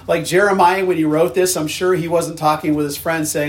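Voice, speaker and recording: Male pastor, high voice, earnest conversational sermon delivery. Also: steady tone, a little fast, few pauses. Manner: conversational, earnest, with frequent restarts.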